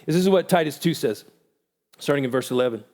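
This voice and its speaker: A man giving a church conference talk, animated, acting out quoted voices with big pitch jumps. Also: fast talker. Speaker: conference speaker.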